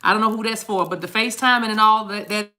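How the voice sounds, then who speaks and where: A woman's voice: medium pitch, fairly even intonation, quick pace, sharp tone. A middle-aged woman hosting a casual livestream reading, chatting playfully with viewers, laughing often and breaking into bits of song. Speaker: tarot reader hosting a livestream.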